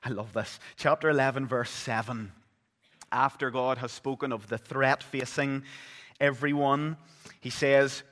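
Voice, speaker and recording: A man preaching a sermon, telling the story vividly and swinging between loud, urgent passages and hushed ones. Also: mid-range voice, steady tone, normal speed. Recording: long reverb of a large hall.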